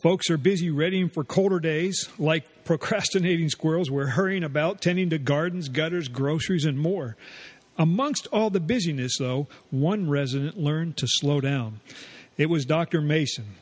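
A male radio co-host with a slightly high voice, who narrates in a folksy, measured way. He speaks plainly and unhurriedly, like a neighbor sharing the week's news. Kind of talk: radio storytelling and chat.

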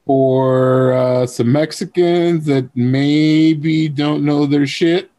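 A man's voice: on the high side, fairly even intonation, drawn-out words, warm tone. A man co-hosting a casual chat, teasing his friend with dry, profane wisecracks. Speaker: podcast co-host.

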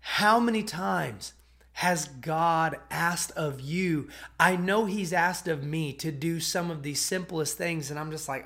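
A man's voice: fairly high pitch, slow, a bit bright. A man preaching in a casual, conversational way, retelling a Bible story and often checking in with his listeners. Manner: conversational, checks in with "okay?" and "right?"; repeats and restarts words as he retells.

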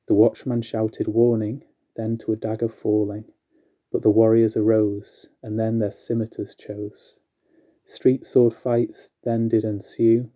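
A man recites a long rhyming tale in a measured, steady way. His voice sits low and very dark, with little rise and fall. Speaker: storyteller. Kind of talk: reading a rhyming story poem.

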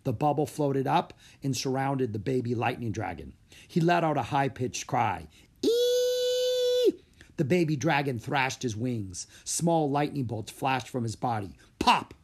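A man narrating a children's story in an animated storybook way. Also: mid-range voice, moderate pace, husky.

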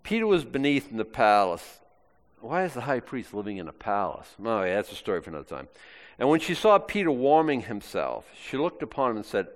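A man's voice: mid-range voice, big pitch swings, a little fast. A man preaching a sermon, acting out quoted lines in shifting voices. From Maine, US. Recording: long hall reverb.

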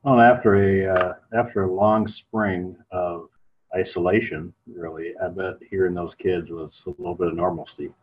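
A man with a very deep, husky voice hosts an interview, asking encouraging, curious questions. He comes through a tinny, phone-like line. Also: steady tone, normal speed. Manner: encouraging, inquisitive. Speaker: podcast host, interviewer. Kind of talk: podcast interview.

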